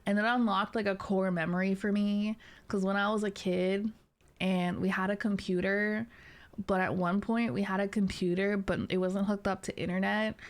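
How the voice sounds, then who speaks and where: A woman's voice: mid-range voice, level tone, normal speed. A young adult woman streamer chatting casually with viewers, laughing often and teasing.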